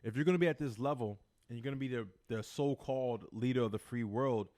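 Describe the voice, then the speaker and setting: Dude cohosting a podcast, laughs a lot, swears, normal pitch, dry room. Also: male voice, fast talker, darkish tone, no echo. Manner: laughing, blunt and profane. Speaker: podcast co-host. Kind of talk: casual chat.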